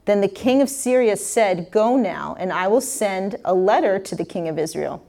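A woman's voice: mid-range voice, lively intonation, normal speed, vocal fry, mellow. A woman preacher reading a scripture passage aloud and explaining it in a casual, conversational way with frequent restarts.

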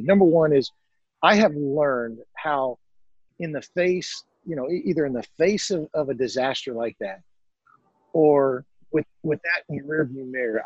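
A man hosting a podcast who reflects on a guest's story, halting and repeating words as he starts sentences. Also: fairly high pitch, slightly rough, dry recording, dull audio. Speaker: podcast host. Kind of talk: casual conversation.

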